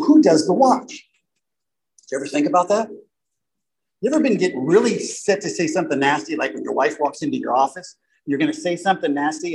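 A man's voice: fairly high pitch, darkish tone, rough recording. A man speaking to a group at a recovery meeting, conversational and self-deprecating, often checking in with "right?".

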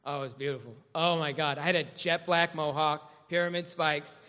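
Man, fairly high, bright and forceful, sharing a candid, self-mocking recovery story; echoey hall. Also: fairly even intonation, moderate pace, clean tone. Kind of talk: personal recovery testimony to a meeting.

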